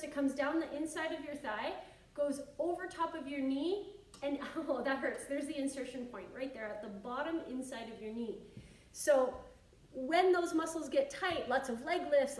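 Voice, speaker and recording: A yoga and fitness instructor, a woman with a high, darkish voice, teaches a stretching and yoga lesson while demonstrating the moves. She's chatty and encouraging, slightly out of breath, and thinks aloud with asides. The room is echoey, the mic distant, with faint hiss.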